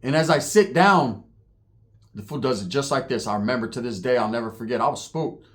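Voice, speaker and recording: A man's voice: medium pitch, fairly quick. A man telling street stories in a casual, profane, slang-heavy way, acting out the voices of the people in them. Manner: acts out voices, laughs while telling. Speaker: storyteller on his own channel.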